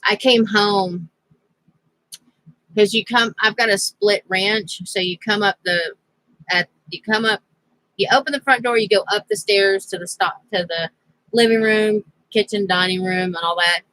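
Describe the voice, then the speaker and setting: A woman's voice: medium pitch, unhurried, sharp tone, no echo, poor audio. A woman vlogger telling a rambling personal story in a casual, chatty way, laughing now and then. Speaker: crafting vlogger.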